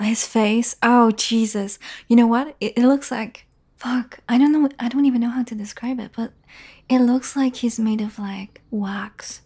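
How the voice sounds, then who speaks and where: A woman's voice: on the high side, mellow. A young woman in a casual audio role-play, talking straight to the listener, teasing and swearing freely and often dropping into a whisper.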